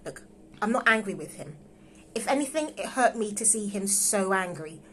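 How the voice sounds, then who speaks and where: Over a phone on a livestream, a woman takes part in a live script read-through, voicing a distraught young wife who loves her husband's friend. Her natural, mid-range voice has lively intonation and a normal pace, pleading and emotional, with slight background noise.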